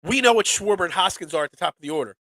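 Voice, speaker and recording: A fairly high, bright-voiced man with a stuffed-up nose, sounding nasal from a cold. He hosts a sports talk show in an excitable, rambling way, often doubling up his words. The recording is close and dry. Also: very fast, dry recording. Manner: animated, excitable, repeats words. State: congested from a cold. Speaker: sports podcast host.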